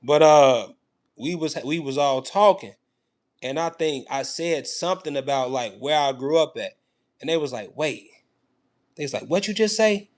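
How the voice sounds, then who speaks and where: A man's voice: mid-range voice, normal speed. A young man, telling a story in a casual, rambling monologue and often asking "you know what I'm saying". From United States. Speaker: commentary host.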